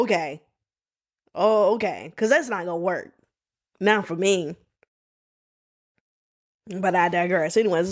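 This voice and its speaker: A woman hosting a solo podcast, telling stories in a sassy, animated way. She talks casually, saying "y'all" and "baby", and puts on playful voices when she quotes people. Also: on the low side. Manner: colloquial, says "y'all" and "baby". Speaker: podcast host.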